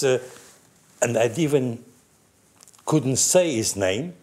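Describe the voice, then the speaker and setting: An older man from Portugal with a Portuguese accent, animatedly telling racing anecdotes in halting, restarting speech. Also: mid-range voice, lively intonation, a little mellow. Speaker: guest storyteller, former racing team manager.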